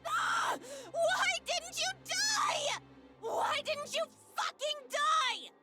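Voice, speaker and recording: A woman voicing an unstable young woman in a game, swinging from shrieking rage to dazed, flat replies. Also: very high-pitched, unhurried, pitched above the performer's own voice, heavily acted. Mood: screaming rage. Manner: shrieking, sobbing. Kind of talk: voiced game dialogue. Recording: music clearly behind.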